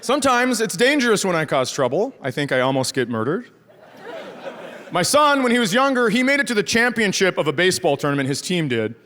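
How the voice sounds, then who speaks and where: High-voiced Minnesota comedian in a reverberant hall. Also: male voice, brisk. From northern Minnesota. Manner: animated storyteller, acts out voices, shouts punchlines. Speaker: stand-up comedian. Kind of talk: stand-up comedy storytelling. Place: large theater stage with laughing audience. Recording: live hall reverb with crowd laughter.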